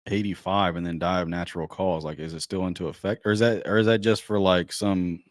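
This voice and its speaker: Laid-back swearing man, low voice. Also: fairly even intonation, fairly quick, no echo, studio quality. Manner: laid-back, profane storytelling. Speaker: podcast host. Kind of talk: casual chat.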